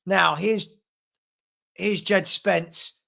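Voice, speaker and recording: A man's voice: high-pitched, steady tone, extremely slow, gravelly, pushed and bright. A man hosting a live fan watchalong, giving blunt and exasperated running commentary on the match and answering viewers' comments from home. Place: at home with a dog.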